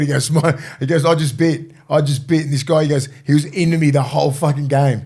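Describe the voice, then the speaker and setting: A middle-aged man with an Australian accent talks footy in a relaxed podcast chat. He is blunt and swears freely, and he gets animated when he retells what people said to him. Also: fairly high pitch, fast, creaky, few pauses. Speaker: podcast co-host, former rugby league player. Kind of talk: casual sports podcast chat.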